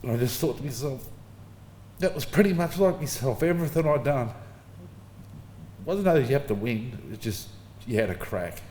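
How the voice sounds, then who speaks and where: A man's voice: medium pitch, expressive, moderate pace, long pauses, warm tone, a little hiss or hum. A middle-aged Australian man giving an informal eulogy for his father, telling casual stories with the odd chuckle. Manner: casual storytelling, chuckling between anecdotes. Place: funeral service hall. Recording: echoey hall with faint ambience.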